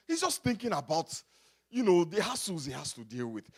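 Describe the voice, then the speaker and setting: A male pastor from Africa delivers a sermon in a voice pitched high for a man. His delivery swings widely in pitch as he builds from quiet asides to loud, shouted points. He calls out to the congregation for responses. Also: very animated, moderate pace, breathy edge.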